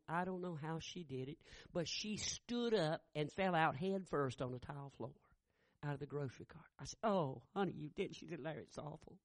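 A middle-aged man preaching a sermon, telling a family story and building to loud shouted peaks. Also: a little high, no room sound. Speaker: pastor.

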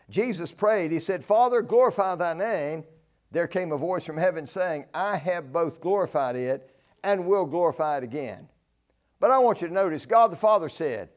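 A man's voice: sits high, darkish tone. A man from North Carolina, preaching a folksy, earnest sermon. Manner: earnest, folksy, rises to emphatic peaks.

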